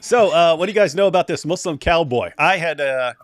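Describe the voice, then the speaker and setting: A man's voice: on the high side, lively intonation, a little fast, no echo. Rambling man hosting a chat, dry mic. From West Virginia. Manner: rambling, many restarts and laughs. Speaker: host. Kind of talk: casual chat.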